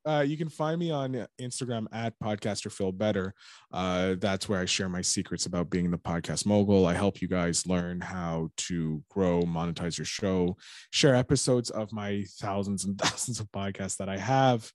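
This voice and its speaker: Guy guesting on a podcast, kinda low voice, dry close sound, jokey plugging his stuff. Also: fairly even intonation, normal speed, dry recording. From Canada. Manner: joking, self-promoting. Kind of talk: casual chat.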